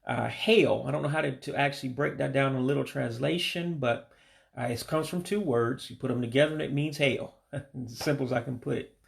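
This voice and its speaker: A man with a deeply gravelly, fry-heavy voice walks through a short vocabulary list. He talks casually and patiently, repeating each word slowly and owning up when he trips over one. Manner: patient, repeats words slowly, admits stumbles. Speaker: language learner teaching vocabulary.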